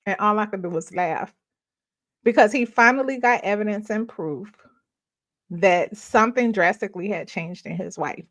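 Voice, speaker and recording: A middle-aged woman, hosting a ministry live stream and telling a personal story in casual, animated talk that often breaks into laughter. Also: medium pitch, normal speed. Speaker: ministry host.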